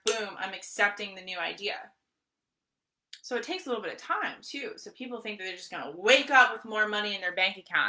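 A woman giving a live motivational training talk as a mindset coach. She talks with energy, repeats herself, and keeps checking in with her listeners. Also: medium pitch. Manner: energetic, repetitive, often asks "right?" and says "guys".

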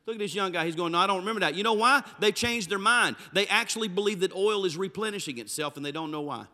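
A man preaching a sermon, swinging between loud emphatic bursts and low, dropped phrases. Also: fast talker. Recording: reverberant hall.

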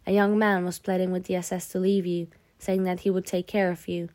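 A woman voicing a kindly older French man, a prisoner who speaks calmly and gently in an audiobook. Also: high voice, no room sound, natural voice. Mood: gentle. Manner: calm, kindly, measured. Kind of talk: audiobook character voice.

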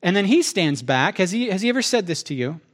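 A man's voice: high-pitched, sing-song, fast. A male pastor preaching a sermon, acting out both sides of his conversations with God.

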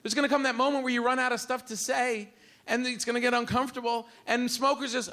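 A middle-aged man performing a live stand-up routine, animated, acting out the voices of his family. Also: very high voice, brisk. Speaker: stand-up comedian. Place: comedy club stage. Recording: live club with audible room noise.

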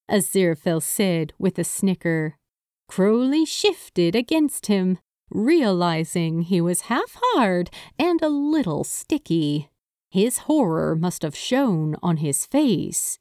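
A woman reading a story aloud at an unhurried pace, her pitch rising and falling freely. The sound is dry and close, with no room around it. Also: sing-song, darkish tone, no room sound. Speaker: narrator. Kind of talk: audiobook narration of fan fiction.

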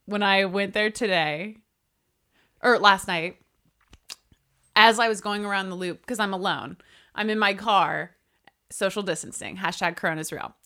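A woman's voice: medium pitch, measured pace, pauses often, sharp tone. A woman co-hosting a podcast, telling a rambling, laugh-filled story in casual chat, swearing freely. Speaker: podcast co-host.

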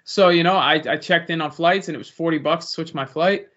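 A man's voice: a little high, fairly quick, fairly bright tone. A young man, a pro fighter, casually answering interview questions in a rambling, easygoing way. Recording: lo-fi muffled audio.

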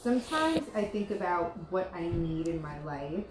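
A woman's voice: on the low side, big pitch swings, moderate pace, a little hiss or hum. Blunt woman in an echoey room. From Italian family. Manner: blunt, casual, swearing. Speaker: podcast co-host. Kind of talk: casual chat.

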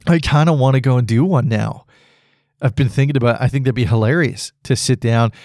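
A man's voice: mid-range voice, fairly quick, a little mellow, dry recording, clean studio sound. A man hosting a solo podcast, rambling casually and laughing at his own jokes. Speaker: podcast host.

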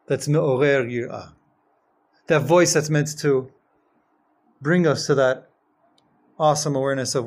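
A man teaching a Jewish text class, reading Hebrew passages quickly and then explaining them, often building to emphatic, stressed phrases. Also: fairly high pitch, gravelly. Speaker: Torah teacher.

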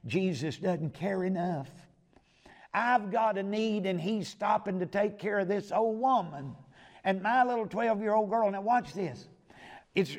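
A man preaching a sermon in a folksy, emphatic way, dropping to a hush at key moments. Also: sits high.

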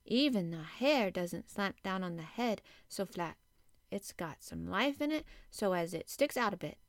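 A woman's voice: mid-range voice, expressive, measured pace, no room sound, studio quality, natural voice. A woman voicing a frank, kindly young housemaid in an audiobook. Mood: hearty. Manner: broad dialect, frank and hearty. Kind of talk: audiobook character voice.

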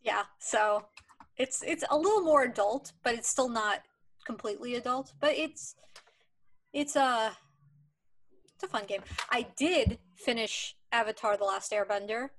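A woman's voice: a little high, a little slow, a bit bright. A young adult woman co-hosting a casual podcast, talking enthusiastically and insistently. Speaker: podcast co-host.

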